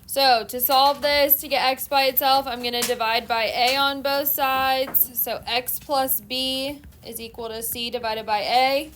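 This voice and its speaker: A woman math teacher explains each step of a problem in a steady, methodical classroom lecture. Her voice sits a little high, with a faint hiss in the background. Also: a little slow, hardly any pauses.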